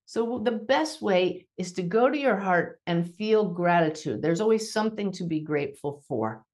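A woman with a low, settled voice hosting a spiritual podcast and answering listener questions. She talks in a gentle, reassuring way. At times she deliberately slows to a measured pace. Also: expressive. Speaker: podcast host and medium.

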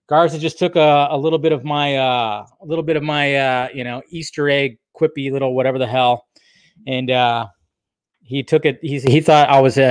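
A man's voice: mid-range voice, dry recording, studio quality. A man hosting a casual livestream, reading and answering chat in a rambling, laid-back way. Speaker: YouTube host answering live chat.

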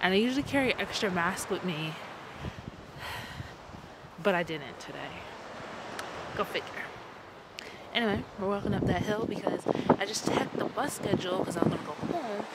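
A woman's voice: medium pitch, normal speed, pauses often, very noisy. Chatty young woman vlogging outdoors. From New York. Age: young adult. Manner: chatty, animated storytelling, playful asides. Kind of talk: casual travel vlog. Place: outdoors in a beach town.

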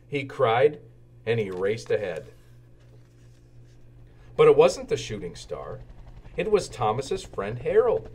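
A man reading a children's storybook aloud, with expressive, animated narration. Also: medium pitch, takes it slowly, pauses often, husky. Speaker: children's book reader.

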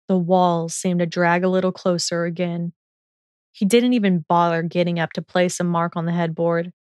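A woman's voice: on the low side, smooth, no room sound, studio quality. Woman narrating a fan fiction audiobook.

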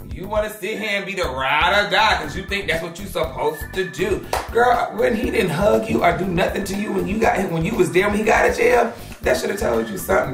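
Sassy high-voiced man dishing gossip. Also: creaky. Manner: sassy, profane, animated gossip. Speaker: gossip show host. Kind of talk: casual drama commentary. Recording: echoey room with background music.

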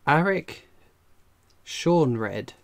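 A man's voice: a little high, animated, very slow, creaky. An English man hosting a casual livestream, chatting and joking while he reads out viewer comments. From England. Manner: chatty and jokey, laughs often. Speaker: coin collecting livestream host.

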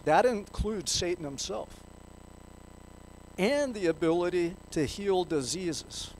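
A man's voice: high voice, expressive, slow, a little hiss or hum, poor audio. A man preaching a sermon in a church, reading scripture aloud and putting questions to the congregation. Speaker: pastor.

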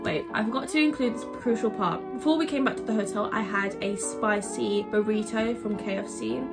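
A woman's voice: medium pitch, a little fast. A young woman telling a candid, crude and self-mocking story-time vlog, with music playing behind. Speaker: vlogger. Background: background music.

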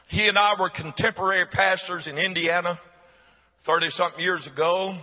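Male preacher, husky and forceful, camp meeting sermon, long hall reverb. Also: high voice, steady tone, moderate pace. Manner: fervent, repeats hallelujah. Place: large meeting building.

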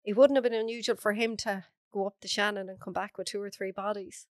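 A woman's voice: mid-range voice, steady tone, quick pace, dry recording. An Irish woman, a podcast guest, earnestly recounting a personal story in close detail. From Ireland.

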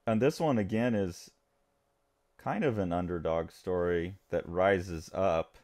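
Low-voiced man in casual podcast chat. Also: darkish tone. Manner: enthusiastic, acts out characters' lines in quick bursts. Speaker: comics podcast co-host.

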